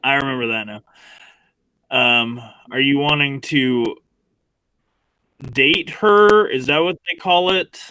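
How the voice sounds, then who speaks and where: A man playing a tabletop game in character, deadpan and often laughing at his own jokes. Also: medium pitch, slow, pauses often, smooth, no room sound, rough recording. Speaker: player.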